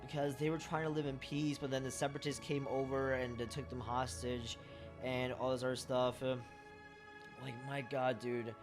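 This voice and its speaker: A man's voice: medium pitch, little pitch movement, moderate pace, music in the background. Rambling, emotional male fan. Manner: rambling and emotional, lots of fillers and swearing. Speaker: fan sharing memories. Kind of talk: casual monologue vlog.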